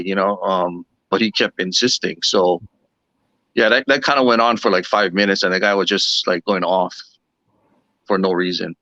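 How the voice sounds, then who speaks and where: Bright-toned man recalling a night, dry sound. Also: on the low side, moderate pace, dry recording, dull audio. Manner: relaxed, hesitant with fillers. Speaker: guest. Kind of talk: casual recollection.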